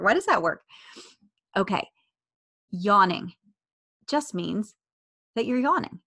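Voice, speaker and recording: A woman's voice: mid-range voice, sing-song, slow, pauses often. Woman podcast host coaching listeners. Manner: warm coaching tone, repeats key phrases, acts out inner voices. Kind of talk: casual podcast monologue.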